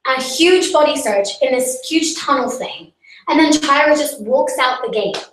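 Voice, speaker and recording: A woman's voice: high-pitched, measured pace, slight background noise. A boastful young woman rambles through a comic live stream as a self-styled celebrity, her speech full of "like" and mock outrage. She sits back from the mic. The room gives her voice a roomy echo. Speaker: comedic live stream host in character as a celebrity. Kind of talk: improvised character comedy monologue. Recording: roomy sound from a distance.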